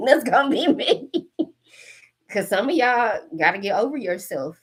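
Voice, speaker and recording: A woman's voice: a little high, expressive, a little slow, pauses often, breathy edge. A woman in her forties giving a casual spiritual reading to camera. She is blunt and profane, jokes a lot and laughs often. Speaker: tarot reader and coach.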